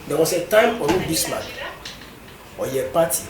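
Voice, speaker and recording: A man, a studio guest telling a story in lively, animated fashion. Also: fairly high pitch, normal speed. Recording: echoey studio, mic at a distance, faint noise.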